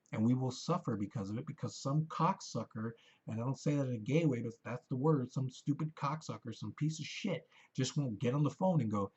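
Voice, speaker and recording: A man's voice: mid-range voice, brisk, few pauses, a little mellow, slightly rough, lo-fi sound. A man ranting into the camera in a rambling, profane, heated monologue. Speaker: vlogger.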